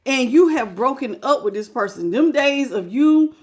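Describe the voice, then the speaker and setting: A woman, giving a lively, sassy live tarot reading straight to the viewer. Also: high voice, moderate pace. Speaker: tarot reader.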